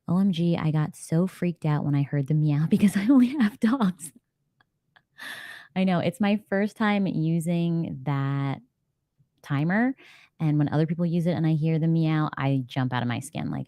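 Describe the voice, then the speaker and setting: Low mellow-voiced woman chatting on a live stream, laughs a lot, dry close sound. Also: dry recording. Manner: chatty, reads chat comments aloud, laughs often. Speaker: livestream host. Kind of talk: casual live-chat reading sprint.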